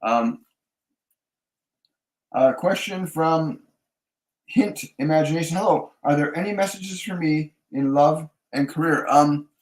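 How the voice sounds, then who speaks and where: A man's voice: fairly high pitch, slow, pauses often, darkish tone, poor audio. A man working as a spiritual medium, answering viewer questions in a live Q&A. He searches for his words, with many restarts and fillers. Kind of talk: live Q&A readings.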